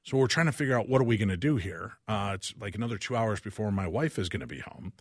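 A man guest-hosting a talk radio show, telling a personal story in an animated way and acting out each person's lines. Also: on the low side, fast talker, few pauses, no echo, clean studio sound.

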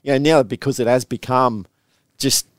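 Australian male podcast host, mid-pitched, rambling chat, dry close sound. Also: fairly even intonation, normal speed, no echo. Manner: chatty, rambling with restarts. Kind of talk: casual chat.

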